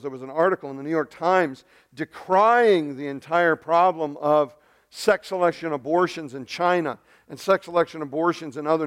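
A man preaching a sermon with passion, swinging from loud cries to hushed, low lines. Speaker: pastor.

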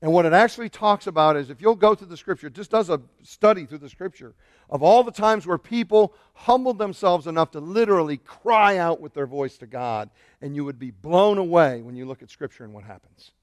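A middle-aged man, a pastor, preaching a lively sermon and shouting out the lines he quotes. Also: on the high side, brisk, no echo.

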